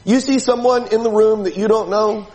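A man's voice: sits high, fairly even intonation, moderate pace, darkish tone, big-room sound, poor audio. A man preaching a sermon in a church, talking to the congregation in a conversational way and asking many rhetorical questions. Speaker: pastor.

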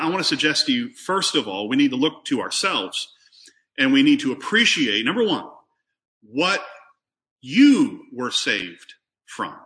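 A male preacher delivering a sermon, his pitch swinging widely as he moves from reading scripture to talking it through. His tone is bright and forceful. He keeps asking his listeners questions and sometimes doubles a word as he starts a phrase over. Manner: reads scripture aloud and asks the congregation questions; often repeats a word as he restarts.

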